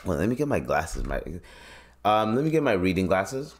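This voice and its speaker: A man's voice: deep voice, big pitch swings, moderate pace. A man hosting a solo podcast, giving blunt, profane commentary in a casual ranting manner. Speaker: podcast host.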